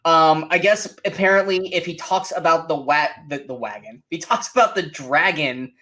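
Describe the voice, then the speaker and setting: A man co-hosting a casual movie review show, animated and mocking, often acting out quotes from scenes. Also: on the high side, moderate pace. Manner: animated, mocking, acts out quotes in silly voices. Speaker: podcast co-host.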